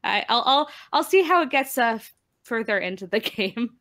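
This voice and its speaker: A woman from Minnesota, co-hosting a casual gaming podcast, chatty and quick to laugh. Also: fairly high pitch, animated, a bit bright. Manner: chatty, laughs often, restarts. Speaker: podcast co-host. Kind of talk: casual chat.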